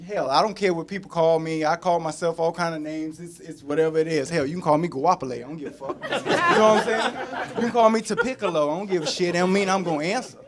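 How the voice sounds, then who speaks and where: A man performing a stand-up set in a comedy club, animated and profane, laughing through his own punchlines. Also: on the high side, quick pace, background noise. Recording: live club with loud crowd. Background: live audience laughing.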